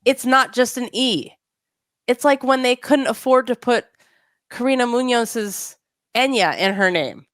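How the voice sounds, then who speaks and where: A woman co-hosting a podcast, chatting casually with quick jokes and asides. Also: a little high, no echo. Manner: animated, joking, quick asides. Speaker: podcast co-host. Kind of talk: casual chat.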